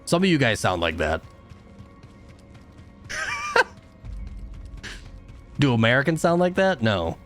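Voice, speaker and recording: A young man streams a game and talks to his chat as he plays. His pitch jumps all over and he swings from easy chatter to loud frustrated yelling. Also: slow, long pauses, soft background music. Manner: animated, frustrated outbursts, chatting with viewers. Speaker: gaming streamer. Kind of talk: live game commentary.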